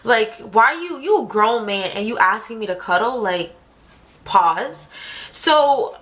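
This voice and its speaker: A young woman telling a story on her vlog in a lively, slangy, fast-talking way. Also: a little high. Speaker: vlogger.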